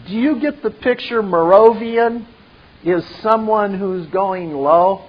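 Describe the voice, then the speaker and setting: A man's voice: sits high, slow pace, muffled recording. A man retelling and commenting on a film scene step by step, adding his own asides.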